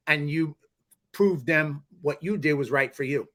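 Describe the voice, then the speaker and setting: A man's voice: on the high side, a little slow, fairly bright tone. Rambling male podcast host. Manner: rambling, with many fillers and restarts. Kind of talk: casual interview chat.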